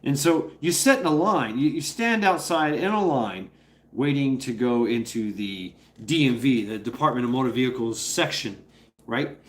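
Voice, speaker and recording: A man talking casually on a livestream, profane and rambling, stumbling over restarts and slipping into quick impressions of other people. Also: mid-range voice. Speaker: streamer.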